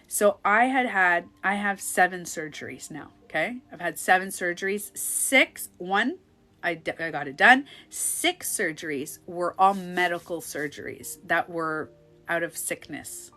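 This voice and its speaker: A woman in her thirties, a life coach chatting casually on a phone live stream, animated and blurting out loud quoted outbursts. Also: on the low side, unhurried, soft background music.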